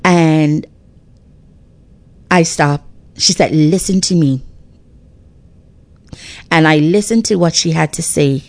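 A middle-aged woman speaks on a radio talk show in a deep, low register. Her delivery is emphatic and preachy, full of faith encouragement and restarts. The sound is dry and close, with no room around it. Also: slow, vocal fry, pauses often, darkish tone, dry recording.

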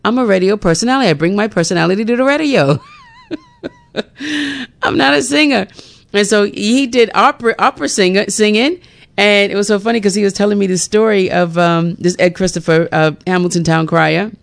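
A woman's voice: medium pitch, a little fast, creaky. A woman morning radio host chatting casually on air and often laughing at herself.

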